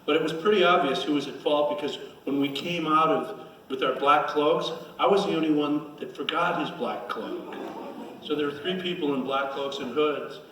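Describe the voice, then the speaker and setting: A man's voice: a little high, normal speed, a bit bright. A man from Connecticut telling self-mocking stage anecdotes at a fan Q&A, rambling and restarting as he goes. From Connecticut, USA. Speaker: guest actor at a fan Q&A. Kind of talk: casual storytelling on stage. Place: convention hall stage. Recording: echoey hall, distant mic, faint noise.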